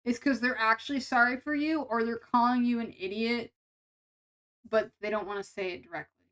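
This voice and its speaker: A woman's voice: on the high side, fairly even intonation, normal speed, a bit bright, clear, resonant tone, poor audio. A young woman VTuber chatting casually with her stream viewers, playful and self-mocking, tripping over her words.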